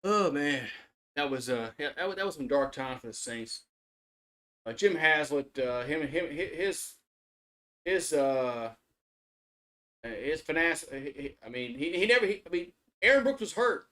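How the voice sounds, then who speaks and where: Slightly high-pitched and expressive, this man talks unhurriedly with a sharp tone and long pauses. He's doing casual live stream commentary and reactions, rambling with repeated restarts, swearing, and getting heated.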